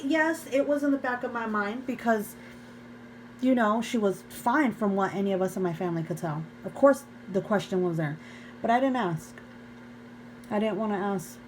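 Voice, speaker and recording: A woman's voice: medium pitch, slight background noise, rough recording. A young woman vlogger earnestly telling an emotional personal story to her viewers, often calling them "you guys". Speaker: faith vlogger.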